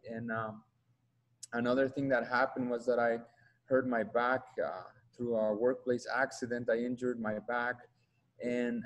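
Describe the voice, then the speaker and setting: Flat-voiced man with a Mexican accent. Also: mid-range voice, poor audio. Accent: Mexican Spanish. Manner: earnest, halting, repeats himself while searching for words. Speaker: guest speaker giving a testimony. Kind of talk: personal testimony.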